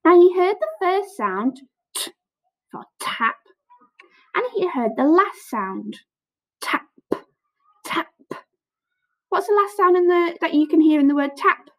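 A woman primary teacher leads a phonics lesson for small children, recorded to camera. Her voice sits high and she talks slowly, breaking words into sounds and praising every try. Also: very animated, poor audio. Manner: slow, encouraging, sounds out letters with lots of praise.

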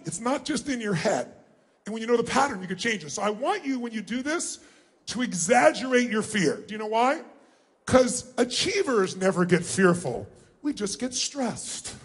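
A man with a very high voice speaking from a stage in a large arena, driving a huge crowd through an exercise. He is energetic and commanding and often shouts questions for the audience to call back. His tone is forceful and his delivery is lively. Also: slightly rough. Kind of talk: live seminar talk to a huge crowd.

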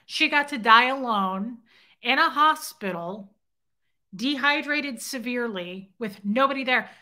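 An outspoken woman tells a story straight to camera in a bright, forceful voice. She talks indignantly, swears casually and keeps asking her viewers "right?" as she rambles along. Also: a little high, lively intonation, unhurried. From grew up in Scientology. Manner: rambling, loops back with "okay?" and "right?". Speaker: vlogger telling a personal story.

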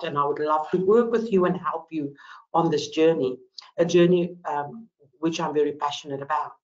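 A woman with a South African accent presents a business webinar with enthusiasm, often pausing on "um". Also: low voice, muffled recording. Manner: enthusiastic, frequent ums. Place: Melbourne.

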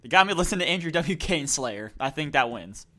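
A man's voice: fairly high pitch, lively intonation, quick pace, sharp tone. A man co-hosting a casual gaming podcast, easygoing and joking in banter. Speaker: podcast co-host.

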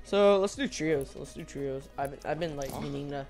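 A woman's voice: low-pitched, moderate pace, faint music behind. A young woman streaming a video game live, swearing freely and laughing a lot as she talks. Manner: profane, excitable, laughs often. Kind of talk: live gaming commentary.

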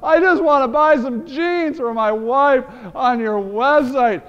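Excitable high-voiced man ranting about websites. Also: slow, clear, resonant tone. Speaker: web marketing show host. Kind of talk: energetic video commentary. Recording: dull, roomy lo-fi web video audio.

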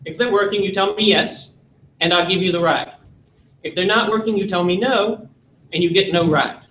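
A man's voice: high-pitched, fairly quick, a bit bright, slight background noise, low-quality recording. A man voicing a worried adult driver who bargains over giving someone a ride, in a plain storytelling voice with earnest pleading. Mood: worried, bargaining.

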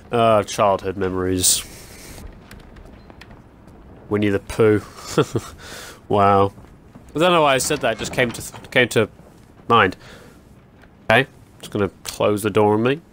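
This young man's voice is on the low side yet fairly bright, with a little hiss or hum, and he takes things slowly with frequent pauses. As a gaming channel host he rambles casually through a horror game, chatty and easily spooked, yelping and laughing at jump scares.

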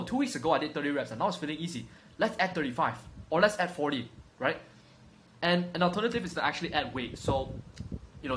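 A man's voice: mid-range voice, background noise. A young man lecturing on fitness straight to camera in a brash, swaggering way, swearing constantly and calling the viewer bro. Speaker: fitness coach. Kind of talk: profane casual lecture to camera. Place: room at home.

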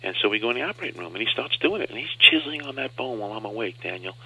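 A man's voice: on the low side, animated, very fast, bright, forceful tone, breathy edge, dry recording. A man, a comedian guest on a radio interview show, telling a story and acting out the other voices in it. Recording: dull lo-fi radio sound.

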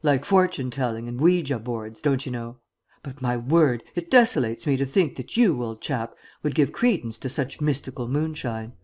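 A male audiobook reader voicing a witty, condescending gentleman detective with an airily superior, drawling manner. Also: medium pitch, lively intonation, moderate pace, natural voice. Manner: drawling, airily superior, archaic upper-class phrasing. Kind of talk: audiobook character reading.

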